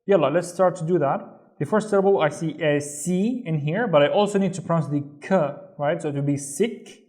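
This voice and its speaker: A man's voice: a little high, a little fast, a little mellow. A man with a Saudi Arabic accent teaching a beginner lesson, explaining step by step and often checking in with "right?". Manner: patient, stepwise, checks in with "right?".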